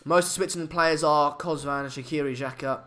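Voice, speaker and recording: A man's voice: fairly high pitch, steady tone, moderate pace, bright, forceful tone. A young man, hosting a casual live stream chat, hesitant with many fillers and restarts. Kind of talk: casual live match chat, reading comments.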